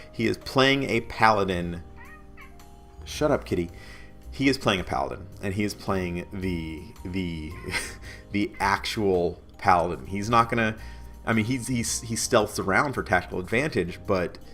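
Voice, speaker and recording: A man acting as game master, casually recapping a tabletop game session at home, rambling with many restarts. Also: fairly low pitch. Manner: rambling, many restarts, chuckles now and then.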